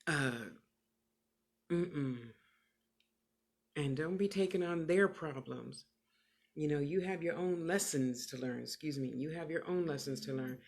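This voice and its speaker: Animated sassy woman giving livestream readings. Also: low voice, unhurried, pauses often. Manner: animated, emphatic, sassy and motherly; repeats phrases for emphasis. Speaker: clairvoyant medium.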